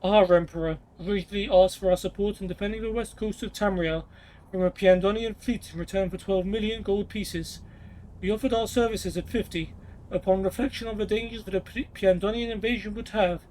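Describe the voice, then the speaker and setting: Dignified old-order mage man, proud and measured, read by a man in a high voice. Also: steady tone, darkish tone, close to an everyday voice, poor audio.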